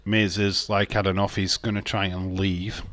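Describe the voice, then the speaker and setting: Low-voiced man chatting loosely on stream. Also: little pitch movement, moderate pace, a bit bright. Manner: laid-back, chatty, joking, laughs often; talks to viewers and chat by name. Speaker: livestream host. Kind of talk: casual live watch-along commentary.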